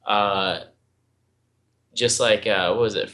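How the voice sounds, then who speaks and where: A man co-hosting a casual podcast discussion, ranting in an animated way with frequent swearing. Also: lowish voice, takes it slowly.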